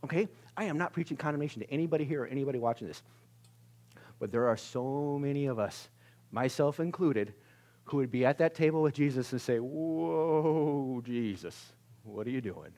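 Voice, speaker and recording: A medium-pitched, fast-talking male pastor gives a conversational sermon in a church service. He alternates loud exclamations with near-whispered asides and laughs at himself.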